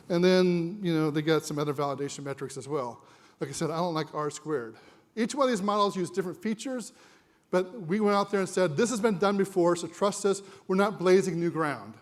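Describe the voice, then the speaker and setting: Male conference presenter, high-pitched, casual and joking, a bit winded, quizzes the audience. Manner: conversational, jokey, asks the audience questions. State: a little winded.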